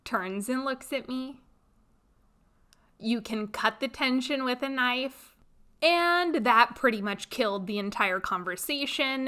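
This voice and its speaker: A woman hosting a podcast, telling a personal story in a blunt, expressive, animated way. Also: mid-range voice, smooth. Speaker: podcast host. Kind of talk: casual storytelling monologue.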